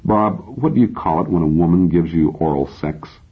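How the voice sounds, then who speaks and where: A man voicing a calm male computer psychotherapist who keeps asking patient, insistent questions, in a dull lo-fi recording. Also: low-pitched, normal speed, slightly rough. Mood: probing.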